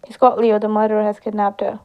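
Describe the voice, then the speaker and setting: A woman reads out an interactive game's dialogue, giving every character her own voice. Her tone is gravelly and flat, with little melody. The recording sounds a bit dull and lo-fi. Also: mid-range voice, fast, background noise. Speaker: gameplay streamer. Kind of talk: reading game dialogue aloud.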